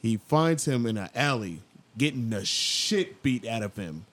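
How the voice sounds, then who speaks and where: A man hosting a casual podcast, retelling an anime scene in an animated, storytelling way. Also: a little slow. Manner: animated storyteller, jumps into loud high voices for quoted characters. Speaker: podcast host.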